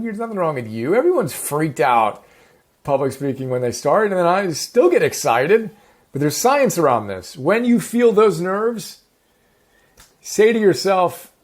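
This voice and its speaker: Upbeat man teaching a class. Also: fairly high pitch. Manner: energetic, enthusiastic, self-correcting. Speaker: host teaching a self-improvement class. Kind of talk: casual teaching monologue. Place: home in the countryside.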